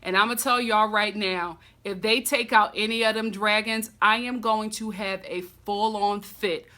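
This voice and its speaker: A woman giving a casual, animated and sassy recap of a TV episode, full of dramatic reactions. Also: mid-range voice, unhurried. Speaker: recap vlogger.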